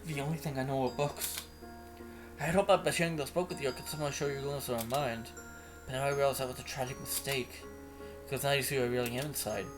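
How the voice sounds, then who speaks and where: A timid, bookish teenage girl who hesitates and trails off as she speaks, as a man puts her on. She speaks softly at a slightly raised, gentle pitch. Clear music plays underneath the whole time. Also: steady tone, close to an everyday voice. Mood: sad. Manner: hesitant, halting, soft-spoken.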